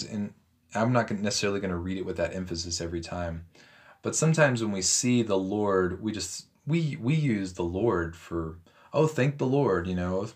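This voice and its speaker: A man reading a Bible passage aloud and stopping to explain it in a relaxed, conversational way, with frequent ums and self-corrections. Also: deep voice. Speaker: Bible teacher. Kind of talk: scripture reading with commentary.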